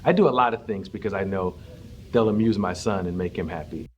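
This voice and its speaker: A man's voice: deep voice, brisk, darkish tone, slight background noise. A man from Cleveland giving wry, joking interview answers. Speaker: voice actor interviewee.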